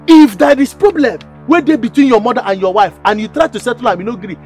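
A man's voice: extremely high pitch, fast talker, darkish tone, faint music behind. An actor with a Nigerian accent playing a meddling male hawker who lectures a friend, preachy and insistent. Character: meddling male hawker who warns against bad advice. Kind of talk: Nigerian Pidgin skit acting.

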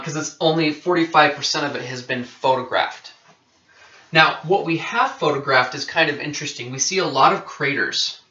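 Guy teaching a science class, bright edgy voice, sounds roomy and far from the mic, keeps asking okay?. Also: mid-range voice. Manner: conversational, checks in with "okay?", self-correcting. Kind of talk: classroom lecture. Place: classroom with whiteboard. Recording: roomy, distant and dull-sounding.

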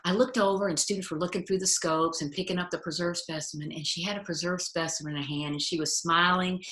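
Older lady biologist chatting, low bright voice, laughs a lot, echoey room. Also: quick pace. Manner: animated storyteller, laughs often. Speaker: retired aquatic biologist and educator. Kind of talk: casual interview chat.

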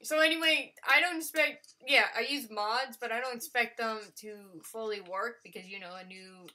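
Woman, let's play commentary, high bright voice, unhurried, gushing and excitable. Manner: swears casually. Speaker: let's player. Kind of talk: live gameplay commentary.

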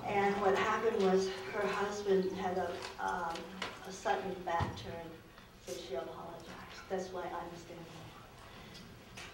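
A woman speaking slowly in an echoey hall. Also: lowish voice, flat delivery. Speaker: stand-in volunteer. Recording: echoey room, distant mic, faint noise.

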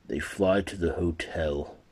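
Slow, deep-voiced male storyteller. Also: a little mellow. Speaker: narrator. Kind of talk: amateur fan-fiction reading.

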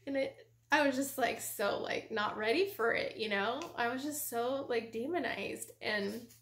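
A woman giving a personal faith testimony as a ministry vlogger, in an animated storytelling manner full of casual fillers. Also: a little high, a little slow. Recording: roomy echo.

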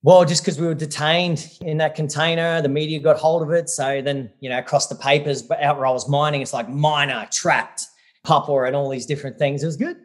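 A man's voice: on the high side, steady tone, brisk. Blunt, swearing man. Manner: blunt, swears freely, says mate a lot. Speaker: guest adventurer. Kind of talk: casual interview storytelling.

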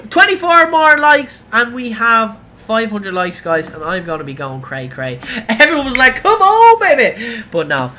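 A man commentating his own gameplay on a live stream, chatting to viewers as he drives. His voice is bright and sharp, and he yelps loudly at every crash. A faint hum of noise sits under him. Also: high voice, normal speed, few pauses. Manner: excitable, cries out at crashes and wins.

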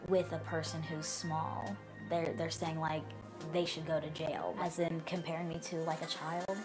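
A woman's voice: low-pitched, flat delivery, normal speed. A woman speaking sincerely and plainly in an interview clip. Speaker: interviewee in a played social media clip. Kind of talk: earnest talking-head interview. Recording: clip with music underneath.

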